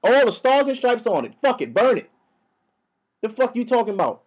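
A young man hosting a podcast in a casual, profane, heated rant, talking fast. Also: very high voice, big pitch swings, a little mellow, breathy edge. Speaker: podcast host. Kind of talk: casual ranting monologue.

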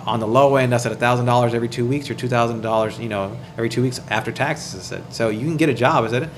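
A man telling a story in casual chat, animated and profane, acting out what he and others said. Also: mid-range voice, rapid-fire, a little hiss or hum. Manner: animated, profane, acts out quoted dialogue.

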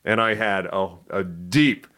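A middle-aged man telling stories from his life as an interview guest, lively and self-deprecating with quick asides. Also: deep voice. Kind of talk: casual storytelling interview.

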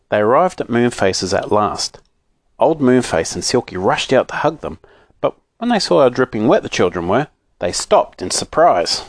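A man reading a children's storybook aloud in an expressive, animated way. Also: on the low side, moderate pace, no echo, clean studio sound.

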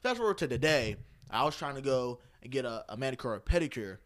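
A young man co-hosting a casual podcast, telling lively stories and acting out the people in them. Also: medium pitch, fast. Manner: animated, acts out the people in his stories. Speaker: podcast co-host. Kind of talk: casual chat, storytelling. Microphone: podcast mic.

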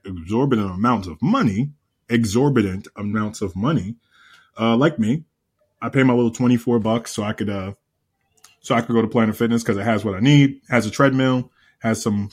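A man co-hosting a podcast in casual chat, an animated storyteller who repeats himself and swears freely. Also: mid-range voice, slightly rough. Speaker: podcast co-host.

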